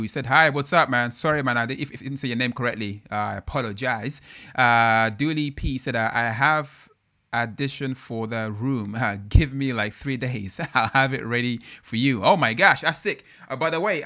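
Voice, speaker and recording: A man's voice: mid-range voice, bright, forceful tone. A young man hosting a casual live stream, chatting loosely and reading out viewer comments. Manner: slangy, loose and chatty with many fillers.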